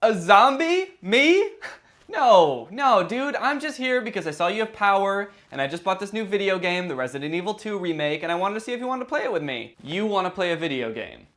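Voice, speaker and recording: A man playing a panicked survivor in a comic sketch, shouting in an over-the-top way. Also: high voice, sing-song, a little fast, voice pushed up. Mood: frantic.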